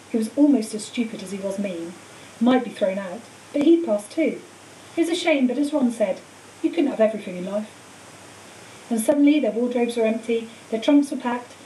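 A woman teacher reading a storybook aloud in a clear, steady way. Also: on the high side. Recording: echoey room, far mic, faint hiss.

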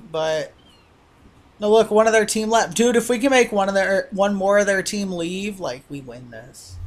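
A woman streaming a game live, commentating in a profane, excitable, trash-talking way. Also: medium pitch, slight background noise, rough recording. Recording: game music underneath.

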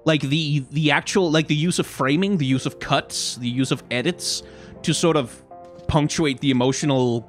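A man's voice: fairly high pitch, normal speed, faint music behind. A man streaming a game, chatting casually in a rambling, self-interrupting way. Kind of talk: casual chat while playing a game.

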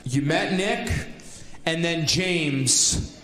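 A man hosting a live dating show, drawing out his questions to the contestants. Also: on the high side. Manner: lively, drawn-out questions to contestants. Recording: echoey stage with faint noise.

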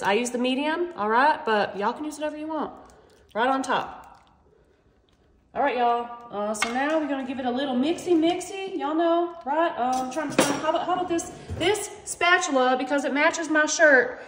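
A woman chatting playfully through a home cooking demonstration, talking to viewers as y'all. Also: high voice. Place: home kitchen. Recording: echoey kitchen with faint noise.

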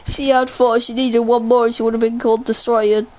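A young woman chatting casually as she streams a game, giggling and swearing freely. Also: fairly high pitch. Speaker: live streamer. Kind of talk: casual gaming stream chat.

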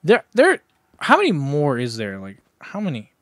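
A young man giving casual, rambling commentary while playing a zombie shooter, breaking into sudden excited outbursts, talking into a headset at home. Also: on the high side, normal speed, no echo, studio quality. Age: young adult. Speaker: gaming YouTuber. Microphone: gaming headset.

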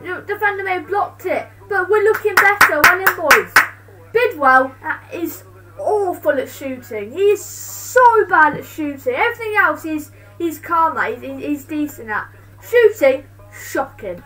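A woman streaming live fan commentary on a football match, excitable, swinging between shouting and muttering. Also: very high voice, measured pace, distant mic, low-quality recording.

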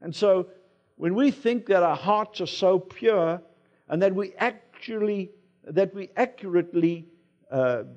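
Man, South African accent, pastor, conversational sermon, high-pitched voice, muffled lo-fi sound. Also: a little mellow. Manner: conversational preaching with personal anecdotes. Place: church sanctuary.

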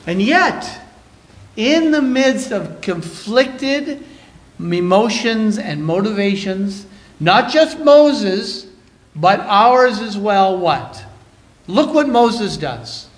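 Canadian male pastor, high-pitched, dynamic sermon delivery with scripture reading. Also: big pitch swings, very slow. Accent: Canadian English. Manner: preaching with dynamic shifts between loud and soft, reading scripture aloud. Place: church sanctuary.

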